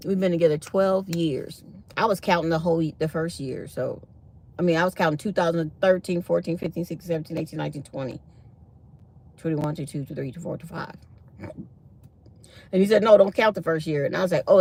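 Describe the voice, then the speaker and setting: A woman's voice: lowish voice, breathy edge. A middle-aged woman tells a story to her live-stream viewers in a casual, chatty way. She acts out both sides of a conversation with plenty of life. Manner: chatty, animated retelling of dialogue, reads chat aloud.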